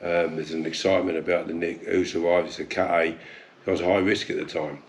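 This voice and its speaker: A middle-aged man, a guest in a casual interview, telling stories in an animated way and laughing often. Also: low voice, brisk. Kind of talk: casual chat.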